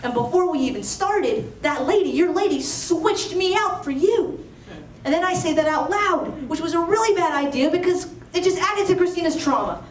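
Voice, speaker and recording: Brief: high-pitched woman, chatty live storyteller, roomy hall, distant mic. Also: normal speed. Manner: chatty, animated, lots of "like". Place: storytelling stage before an audience.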